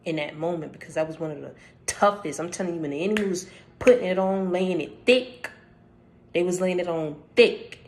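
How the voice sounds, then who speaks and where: Woman, channel host, casual spiritual talk; direct, emphatic, repetitive for stress. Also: lowish voice. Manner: emphatic, repeats phrases for stress; conversational, addresses listener directly.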